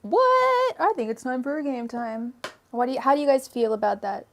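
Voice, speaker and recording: A young woman with a light lilt hosts a tarot livestream. Her voice sits a touch high. She talks loosely to her viewers with frequent "um"s and giggles. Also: expressive, normal speed, a little hiss or hum. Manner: chatty, giggly, lots of fillers. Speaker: tarot reader livestream host. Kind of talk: casual livestream chat.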